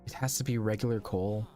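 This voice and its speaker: A man's voice: lowish voice, warm tone. Chatty young man streaming a game. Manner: chatty, rambling, laughs often, talks to chat. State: strained voice. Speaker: VTuber streamer. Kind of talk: casual live game stream chat.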